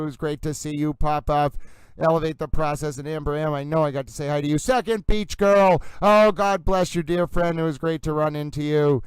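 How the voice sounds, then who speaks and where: Smooth theatrical man hosting a livestream. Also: on the high side, no room sound, low-quality recording. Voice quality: playful, theatrical, calls himself towel. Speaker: livestream host. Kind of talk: live-stream chat reading comments.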